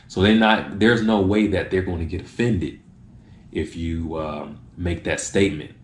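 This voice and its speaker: A man with a very low voice talks casually to the camera, sharing tips and now and then acting out a short exchange. The room is echoey, with a faint hiss under the voice. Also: fairly even intonation, measured pace. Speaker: video host giving tips.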